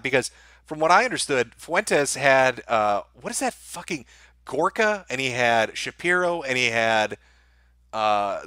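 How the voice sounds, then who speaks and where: A man's voice: on the high side, sharp tone, dry recording, studio quality. Blunt, foul-mouthed male streamer. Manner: sardonic, blunt, swears freely. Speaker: livestream host reading viewer donations. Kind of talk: casual profane commentary.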